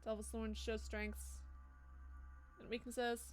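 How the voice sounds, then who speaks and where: Her voice is a little high, slow, level in tone and a little mellow, with soft music playing behind it. She's live-streaming a game, swearing freely in casual chat and reading out and reacting to viewer messages.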